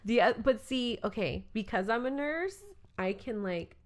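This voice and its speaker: A woman's voice: a little high, expressive, moderate pace. A young adult woman co-hosting a podcast in casual chat, chatty, laughing often and talking over her friend. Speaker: podcast co-host.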